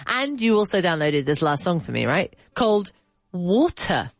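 Lively woman teacher with a cold. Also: fairly low pitch, no echo, studio quality. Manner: chatty, teasing, quick to laugh. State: congested with a cold. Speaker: English teacher and show host. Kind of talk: casual live English lesson.

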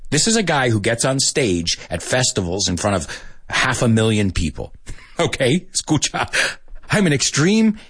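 A man's voice: lowish voice, very animated, normal speed, a bit bright, slightly rough, no room sound, clean studio sound. A man hosting a casual bilingual chat, switching between English and Spanish as he talks and chuckling often. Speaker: podcast host teaching Spanish speakers English.

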